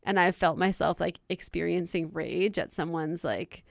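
Chill young woman, gravelly fry, laughs a lot, dry close mic. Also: on the low side, moderate pace, dry recording. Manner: laid-back, laughs often, lots of "like" fillers. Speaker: podcast co-host. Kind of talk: casual conversation.

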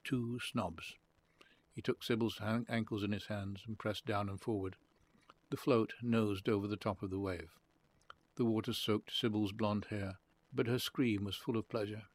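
A man reading a literary short story aloud. His narration is calm and measured. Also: on the low side.

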